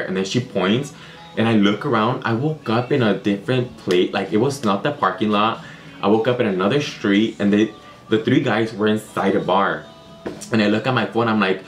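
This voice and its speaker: A man's voice: fairly low pitch, normal speed, faint music behind. A young man telling a story to camera in a casual, rambling way, with lots of filler words. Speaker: vlogger.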